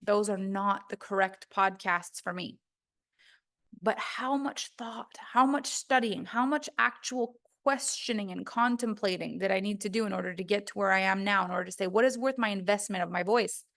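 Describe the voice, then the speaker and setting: Woman, voice coach, emphatic, earnest, mid-pitched, teaching a course. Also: normal speed, gravelly, a bit bright. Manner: earnest, emphatic, acts out students' inner voices.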